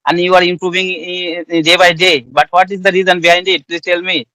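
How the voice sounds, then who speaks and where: Polite halting man with flat high voice. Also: dry recording, low-quality recording. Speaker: interviewer. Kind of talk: casual interview questions.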